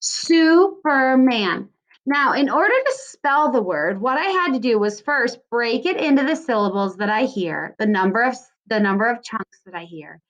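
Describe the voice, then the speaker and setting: A woman's voice: on the high side, lively intonation, moderate pace, hardly any pauses, fairly bright tone, lo-fi sound. A woman teacher giving a recorded lesson to young children, stretching out syllables in a sing-song way. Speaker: second grade teacher.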